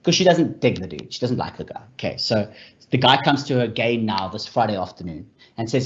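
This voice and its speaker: Animated man explaining, dull lo-fi sound. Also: on the low side, a little fast. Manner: animated, repeats key points, addresses audience as friends. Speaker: speaker on mental health for leaders. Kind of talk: explanatory talk with storytelling.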